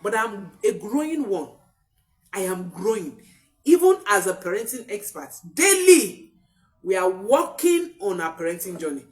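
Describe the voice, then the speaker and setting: A woman parenting coach giving a motivational talk, expressive and repeating key phrases for emphasis. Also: mid-range voice, unhurried, far from the mic.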